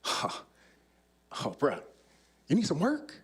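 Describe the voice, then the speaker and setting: A man's voice: fairly high pitch, wildly swooping pitch, takes it slowly, husky, heavily acted. A man voicing a pushy, slang-talking male gang member who is recruiting him on the street.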